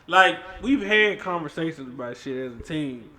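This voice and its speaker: Animated high-voiced podcast host. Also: male voice, moderate pace. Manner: animated, emphatic, swearing freely. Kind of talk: casual chat.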